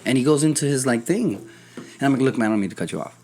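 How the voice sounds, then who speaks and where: Podcast host, young adult man, animated storyteller, casual and profane. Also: mid-range voice, quick pace, faint music behind. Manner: animated storyteller, acts out quoted voices, swears casually. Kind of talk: casual chat.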